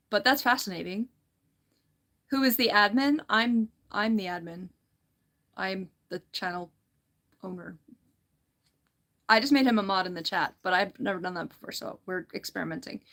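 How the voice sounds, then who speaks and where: A woman's voice: medium pitch, a bit bright. A woman hosting a casual livestream, reading viewer comments aloud in a chatty, giggly way and often restarting her sentences. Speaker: livestream host.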